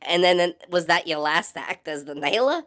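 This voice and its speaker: A man's voice: on the high side, lively intonation, normal speed, a bit bright. A man voicing a dramatic, easily flustered old woman in an improvised comedy role-play. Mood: distraught. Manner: melodramatic, wailing, sobbing outbursts.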